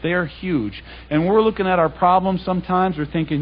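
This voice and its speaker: A man's voice: high voice, brisk, hardly any pauses, lo-fi sound, a little hiss or hum. Conversational man telling a sermon story. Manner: conversational, anecdotal, acts out dialogue. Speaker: speaker giving a public Bible talk.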